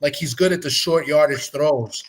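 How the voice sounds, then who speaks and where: A man from Puerto Rico with a slightly high voice chats about football. He thinks aloud, padding his points with fillers and restarts. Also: moderate pace. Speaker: guest fan analyst. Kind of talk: casual sports talk.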